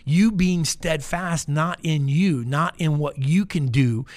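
A man's voice: on the high side, slow pace. Man preaching a casual, emphatic sermon. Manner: conversational, repetitive, emphatic preaching with asides. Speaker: pastor.

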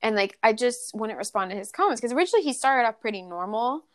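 A woman's voice: on the high side, lively intonation, fast talker, dry recording, clean studio sound. Candid young woman telling a story. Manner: candid, profane, filler-heavy storytelling. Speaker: podcast guest. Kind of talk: casual podcast chat.

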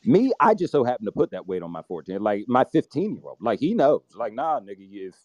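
A man's voice: mid-range voice, sing-song, brisk, no room sound. A man with a mid-range voice talks earnestly as a father on a podcast, often stumbling and restarting before landing his point. The sound is dry and close. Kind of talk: opinionated discussion.

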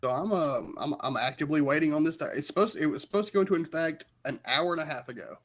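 Chill podcast dude, bit higher pitched, cracks jokes, swears. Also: male voice, quick pace. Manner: laid-back, wisecracking, swears. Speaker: podcast co-host. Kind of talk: casual chat.

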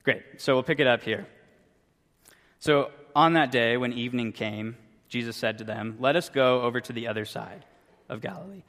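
A man's voice: mid-range voice, moderate pace, a bit bright. A young man, a youth pastor, giving a casual sermon with a chatty, joking story. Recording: long reverb from a hall.

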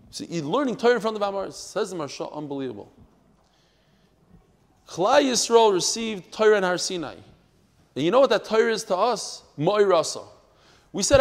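A man teaching a Talmud class, swinging from quiet asides to loud, emphatic outbursts. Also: sits high, big-room sound. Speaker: Torah teacher.

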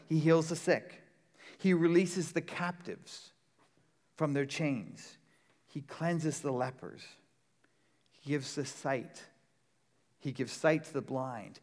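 A man preaching a sermon in a conversational, rhetorical way, often checking in with a quick "right?". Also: fairly high pitch, darkish tone. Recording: long reverb of a large hall.

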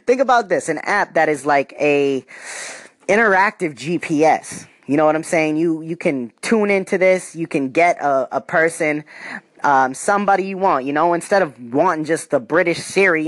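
A man's voice: fairly high pitch, dry recording. Man, podcast host, comedic monologue, slangy, laughing a lot, dry close sound. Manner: animated, slangy, laughs often.

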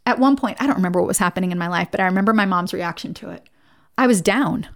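A woman hosting a solo podcast, talking in a reflective way that swings between playful and hushed. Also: lowish voice, quick pace. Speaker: podcast host.

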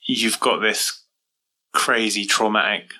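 A podcast host with a low, sharply bright voice. He talks in a measured, reflective way, thinking out loud as he sums up what his guest went through. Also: rough recording. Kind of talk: casual interview chat.

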